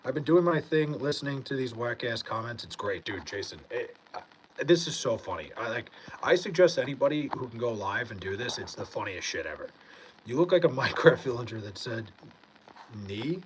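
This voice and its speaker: A young man, from Long Island, talks in a loose, laid-back way as he reacts to a chat stream. He is high, swears easily, and keeps a middle-pitched, casual tone. Faint noise sits under the recording. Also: lively intonation, brisk, poor audio. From Long Island, New York. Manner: laid-back, reads comments aloud, swears, says dude often. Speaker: livestreamer reading chat.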